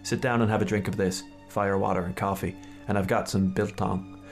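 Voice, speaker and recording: A man reading the lines of a suave male secret agent in a soft, reassuring tone. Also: on the low side, fairly even intonation, a little fast, creaky, soft background music.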